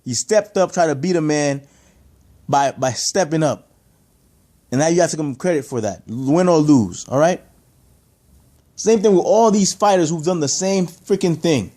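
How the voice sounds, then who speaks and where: A man's voice: fairly high pitch, lively intonation, normal speed, long pauses, dark tone. A man giving an opinionated boxing rant to camera, emphatic and heated, stacking rhetorical questions and repeating his points. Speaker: boxing commentator.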